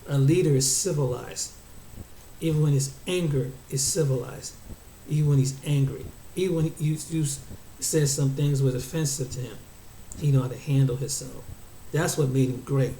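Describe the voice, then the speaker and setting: A man's voice: medium pitch, moderate pace, mellow, echoey room, slight background noise, rough recording. A man giving a preachy opinion monologue, often stumbling and restarting his words. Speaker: commentator.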